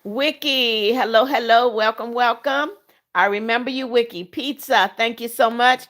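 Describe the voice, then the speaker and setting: A middle-aged woman runs her livestream, reading out viewer comments and welcoming people by name. Her voice sits a little on the high side. She moves between friendly greetings and firm warnings about the rules. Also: a little slow. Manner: firm and scolding when enforcing rules; warm, religious greetings to viewers. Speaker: livestream host. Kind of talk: reading out live chat comments.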